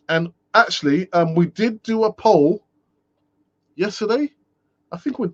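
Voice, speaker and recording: A man hosting a solo live fan-channel stream, ranting and talking to himself in an animated way. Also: a little high. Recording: dull lo-fi sound.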